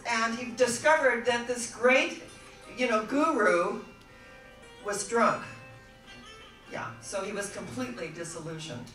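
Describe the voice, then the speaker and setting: A woman with a bright, forceful voice tells spiritual stories to an audience and acts out the people in them with lively voices. She sounds a little off-mic, and the room adds echo and a faint hum. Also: lowish voice. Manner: animated storyteller acting out quoted voices. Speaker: spiritual speaker. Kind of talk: storytelling talk to a live audience. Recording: roomy hall sound, voice from some distance, faint noise.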